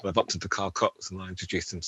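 A man's voice: low-pitched, level tone, very fast, bright, forceful tone, husky, no room sound. A man in his forties, a rave MC guest, chatting casually and rambling, often adding "do you know what I mean". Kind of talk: casual interview chat.

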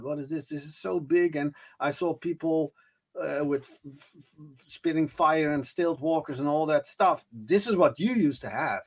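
A man from the Netherlands, a native Dutch speaker, chatting as a guest DJ in an interview. He talks hesitantly, restarts often and laughs easily. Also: on the high side. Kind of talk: casual interview chat.

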